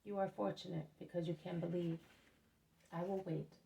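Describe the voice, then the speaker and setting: A woman voicing a rueful, gentle man speaking of his family, in a storybook reading. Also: lowish voice, little pitch movement, moderate pace, gravelly, lo-fi sound, voice pushed down. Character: wistful man, doubting family left behind. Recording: roomy echo, mic at a distance.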